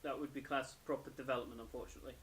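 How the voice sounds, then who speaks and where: A man's voice: medium pitch, fairly even intonation, racing, a bit bright, a little hiss or hum. Tired man rambling through a review. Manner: rambling, self-correcting. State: tired, yawning. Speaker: anime reviewer. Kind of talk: casual episode review.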